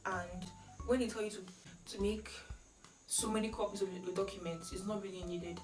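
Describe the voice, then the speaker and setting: A woman's voice: mid-range voice, normal speed, faint music behind. Chatty young Nigerian woman, echoey room. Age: young adult. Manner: chatty, animated, with Nigerian slang. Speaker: vlogger. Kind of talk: casual storytelling vlog. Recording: echoey room, mic at a distance.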